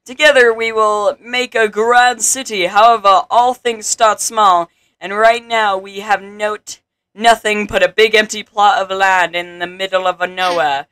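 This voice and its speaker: A boisterous game advisor welcoming a new mayor, as a man reads the lines aloud. He speaks loud, higher and jolly, with a theatrical lift. His tone stays bright and clean. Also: steady tone, a little slow, clean tone, dry recording. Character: eager male town advisor greeting a new mayor.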